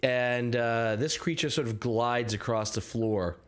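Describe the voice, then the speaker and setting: A man running a tabletop game on a live stream, narrating scenes in a halting, scattered way and saying he is sick. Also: medium pitch, slight background noise. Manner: scattered, halting, lots of restarts. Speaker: game master.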